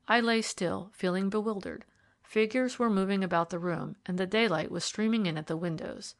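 Woman reading a Victorian mystery aloud. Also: normal speed. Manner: lifts pitch and volume for quoted characters. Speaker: audiobook reader. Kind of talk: scripted narration of a Victorian mystery.

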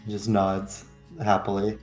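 A man's voice: lowish voice, completely flat delivery, measured pace, darkish tone, reverberant, faint music behind. A man playing a tabletop game, casually describing what his character does. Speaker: player. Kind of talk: casual tabletop role-play.

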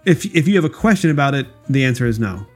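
A man's voice: medium pitch, sing-song, fast talker, soft background music. A young man co-hosting a casual comedy podcast, jokey and laughing often. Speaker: co-host.

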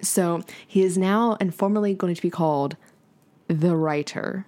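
A young woman from the Southern United States co-hosts a casual podcast in a low, relaxed voice. She peppers her talk with "like" and keeps an easy, unstrained tone. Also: normal speed, vocal fry. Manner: relaxed, lowered speaking voice, lots of "like". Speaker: podcast co-host. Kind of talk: casual chat.

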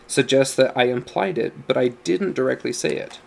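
A man reads a religious study book aloud in a calm, teaching tone. His voice has a gravelly, fry-tinged texture at a middle pitch, and he stresses single words to make a point. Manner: measured, explanatory reading with stressed words. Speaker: audiobook narrator.

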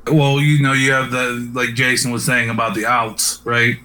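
A man's voice: medium pitch, little pitch movement, moderate pace, sharp tone. A man from Pittsburgh co-hosting a casual interview, chatty, letting his sentences trail off. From Pittsburgh, United States.

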